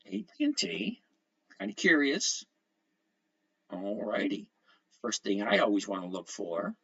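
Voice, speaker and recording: A man's voice: mid-range voice, huge pitch swings, unhurried, vocal fry, long pauses. Chatty man hosting a lo-fi livestream. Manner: chatty, greets viewers by name, reads comments aloud. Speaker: livestream host. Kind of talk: casual livestream chat. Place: at home.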